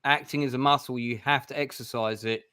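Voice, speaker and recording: A man's voice: medium pitch, fairly even intonation, a little fast, bright, forceful tone, smooth, no room sound, studio quality. A British man hosting an interview stream, chatty and encouraging as he puts questions to his guests. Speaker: host.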